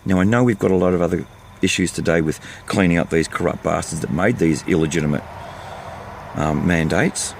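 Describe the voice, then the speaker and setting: A man's voice: sits low, brisk, creaky, a little hiss or hum. Fired-up Australian older man ranting. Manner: fired-up, ranting, blunt and repetitive. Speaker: vlogger. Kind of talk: impassioned monologue to camera.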